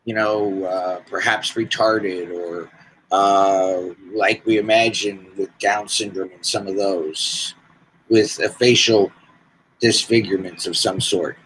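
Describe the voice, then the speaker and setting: A man in his sixties telling his life story as a podcast guest, slow and deliberate with pauses. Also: low-pitched, fairly even intonation, fairly bright tone, slight background noise, low-quality recording. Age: 60s. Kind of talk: personal storytelling.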